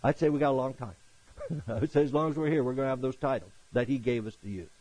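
A man preaching a sermon, acting out quoted greetings and swinging between loud emphasis and quiet asides. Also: mid-range voice, fast, dry recording, poor audio. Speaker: pastor.

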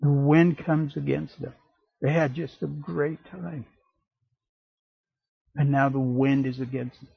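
A man preaching a sermon in an animated way, acting out little voices and jokey asides. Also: medium pitch, slow, gravelly, long pauses, husky, no echo, muffled recording.

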